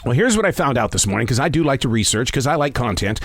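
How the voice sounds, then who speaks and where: A man's voice: mid-range voice, sing-song, quick pace, dry recording. A man in his fifties hosting his own podcast. He talks in a rambling, self-reflective way with frequent stammered restarts. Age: 50s. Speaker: podcast host. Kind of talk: casual solo podcast monologue.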